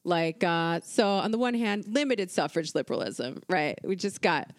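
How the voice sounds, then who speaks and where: A woman's voice: fairly low pitch, animated, normal speed, no echo, clean studio sound. A woman co-hosting a casual history podcast, talking in an irreverent, profane, conversational way with plenty of fillers. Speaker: podcast co-host.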